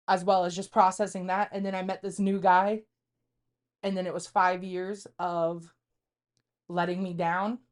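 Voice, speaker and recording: A woman in her thirties with a fairly low voice co-hosts a podcast. Her casual chat is candid and confessional, rambling along with plenty of fillers.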